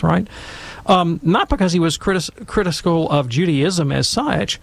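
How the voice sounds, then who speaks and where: Brief: gravelly man, slightly higher voice, animated storyteller. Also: fairly quick, no room sound. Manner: animated, emphatic, conversational. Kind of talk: casual storytelling and commentary.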